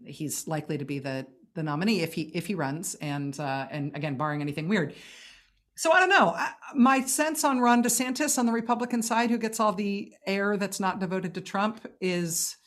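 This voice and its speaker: A woman's voice: lowish voice, normal speed. A woman chatting casually about politics, wry and self-deprecating, with frequent laughter. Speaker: political commentator.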